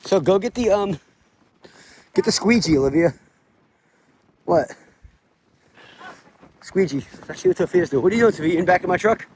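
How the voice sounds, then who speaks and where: A man's voice: high voice, lively intonation, moderate pace, long pauses, a little mellow, slight background noise. A man casually talking to the camera in a family vlog, upbeat and chatty, recorded outdoors in the snow. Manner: upbeat, chatty, laughs often. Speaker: family vlogger. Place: outdoors in snowy yard.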